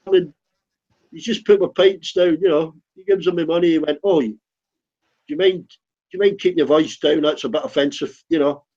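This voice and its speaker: A man briskly tells a funny pub story in casual chat, rambling and acting out the quotes as a comic anecdote. His voice is fairly high-pitched and a little mellow. The recording sounds dull and lo-fi.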